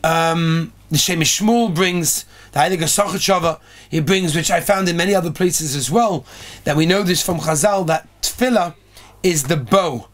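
A man's voice: on the high side, normal speed, a bit bright. A man, a rabbi, giving an earnest sermon on prayer, telling stories and building emphasis.

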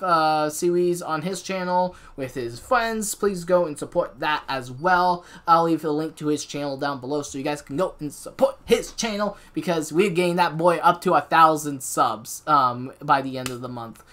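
A woman hosting a gaming channel, giving let's-play commentary as she talks to herself and yells at the game. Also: deep voice. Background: game music.

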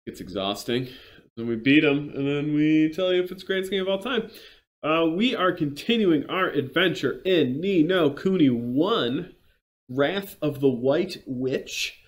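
A man's voice: a little high, animated, measured pace. A man hosting a video game playthrough, chatting casually with dry, self-mocking jokes. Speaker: gameplay host. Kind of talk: casual let's-play commentary.

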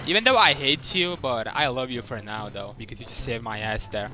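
A young man giving casual gameplay commentary, excitable and trash-talking, swearing often, as a gaming YouTuber. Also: medium pitch, a little fast, hardly any pauses, slight background noise. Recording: game music behind. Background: game music.

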